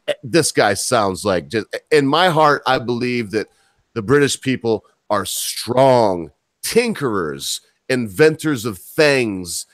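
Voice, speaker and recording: A man's voice: medium pitch, no room sound. Blunt American man reading news. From United States. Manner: blunt, mocking, with crude asides. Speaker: podcast host. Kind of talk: casual commentary, reading news aloud.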